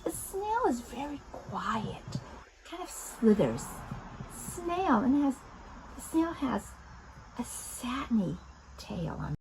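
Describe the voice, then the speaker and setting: Woman doing a toddler show, high bouncy voice, slow and careful, faint noise behind. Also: creaky. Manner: animated, coaxing, talks directly to small children. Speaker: children's video host. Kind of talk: interactive toddler lesson.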